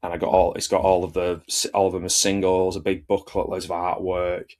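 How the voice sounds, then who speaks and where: A man's voice: low voice, completely flat delivery, fairly quick, a little mellow. A man chatting casually as a film reviewer, rambling and enthusiastic, with jokey asides. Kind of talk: casual chat.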